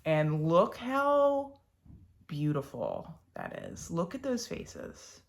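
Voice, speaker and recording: This cross-stitch vlogger is a young Philadelphia woman with a Philly accent and a fairly low, gravelly voice. She talks slowly in a sing-song way, rambling about her stitching with frequent ums and false starts.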